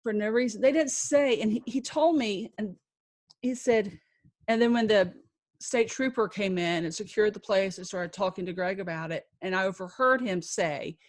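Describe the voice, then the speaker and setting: Guesting on a podcast, a mid-range-voiced woman shares something personal; she keeps stopping and starting over, sounding emotional and speaking with deep faith.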